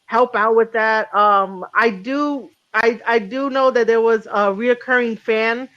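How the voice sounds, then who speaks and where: A woman's voice: fairly high pitch, unhurried, dull audio. A woman hosting a podcast in casual chat, rambling with lots of ums and restarts and cursing freely. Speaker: podcast host.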